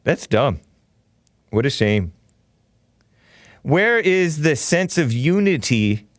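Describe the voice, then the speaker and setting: A man's voice: a little high, sing-song, slow, no echo, clean studio sound. A man hosting a talk show, ranting in a combative, mocking, rambling way. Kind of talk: casual talk show rant.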